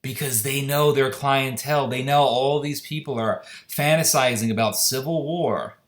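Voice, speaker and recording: Man, mid-pitched voice, indignant commentary, rhetorical questions, roomy echo. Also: normal speed. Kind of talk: solo opinion monologue. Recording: echoey room.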